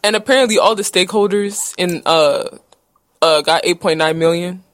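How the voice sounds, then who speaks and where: A young woman hosting a podcast, chatty and playful, quick with a joke. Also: on the low side, dry recording, clean studio sound. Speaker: podcast host. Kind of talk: casual podcast chat.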